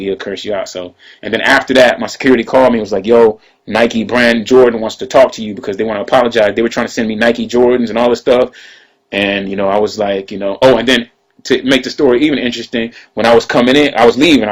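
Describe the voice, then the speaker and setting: Husky guy rattling off a story quick, laid back, chatty. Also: lowish voice, rough recording. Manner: loose and conversational, drops into quoted voices, frequent "you know what I'm saying". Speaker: rapper telling a story. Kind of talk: casual storytelling to camera.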